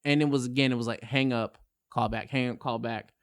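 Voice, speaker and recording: A man's voice: mid-range voice, steady tone, fairly quick. A young man hosting a casual podcast, telling stories with lots of swearing and laughter. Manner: profane, laughing storyteller. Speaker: podcast co-host. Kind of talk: casual chat.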